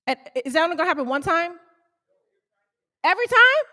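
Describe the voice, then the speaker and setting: A woman with a high voice delivers an energetic motivational talk to a room of business owners. She speaks as a small bakery owner and keeps calling out questions to the audience. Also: rapid-fire. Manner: animated, calls out questions to the audience.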